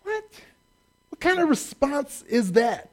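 A man preaching a lively, humorous sermon, joking and acting out quotes. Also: very high voice, takes it slowly. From United States. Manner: animated, joking asides and acted-out quotes.

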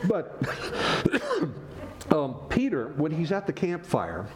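A man preaching a sermon as pastor, animated and joking with the congregation between points. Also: on the high side, slow, slight background noise.

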